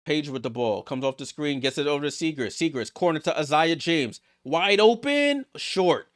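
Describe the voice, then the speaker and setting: A man hosting a live watchalong stream, calling basketball play-by-play and reacting excitedly to each play. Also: fairly high pitch, a little fast. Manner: excitable, rattles off passes, reacts aloud. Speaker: watchalong host.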